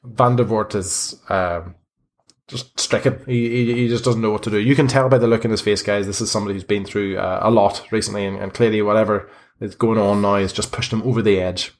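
Halting man narrating as game master. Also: lowish voice, steady tone. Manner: halting, many fillers and restarts.

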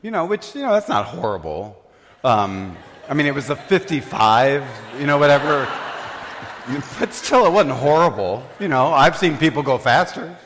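Older man, preacher, lively swooping voice, laughing storyteller, long hall reverb. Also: fairly high pitch, moderate pace, slight background noise. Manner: animated, laughing, self-mocking. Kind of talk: humorous sermon storytelling.

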